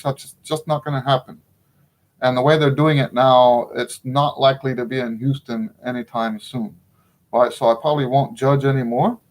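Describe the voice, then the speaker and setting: A middle-aged man teaching trumpet in a casual spoken lesson, frank and opinionated, often checking in with the listener. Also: fairly high pitch.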